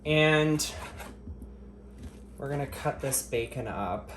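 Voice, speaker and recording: A man chats to his viewers while he cooks in his home kitchen, cursing and teasing them with sarcastic, mock-dramatic remarks. His voice sits at an ordinary middle pitch. The room is echoey, with a faint hum of ambient noise behind him. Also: slow, a bit bright. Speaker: vlogger. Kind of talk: cooking vlog chat to camera.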